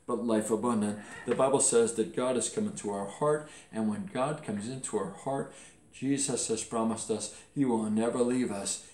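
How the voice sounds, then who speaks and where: Low-ish man preaching a sermon, earnest, slows way down on the big lines, echoey room. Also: a little mellow. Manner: earnest preaching with slowed emphatic phrases. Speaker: pastor.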